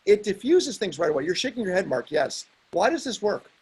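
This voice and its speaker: A man hosting a casual talk show, telling stories in an animated way and laughing often. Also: high voice, fairly quick, husky, rough recording. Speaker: host. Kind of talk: casual chat.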